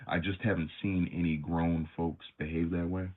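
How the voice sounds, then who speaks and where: A man hosting a livestream, telling a story in an animated, slangy, casual way. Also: sits low, normal speed. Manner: animated, slangy, many fillers. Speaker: livestream host. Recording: tinny phone-like sound.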